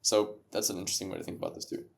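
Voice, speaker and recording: A man's voice: low voice, wildly swooping pitch, very fast, creaky. A man who is a guest on a podcast, talking about entrepreneurship and content creation in an emphatic way, with rhetorical questions and frequent laughs. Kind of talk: casual podcast conversation.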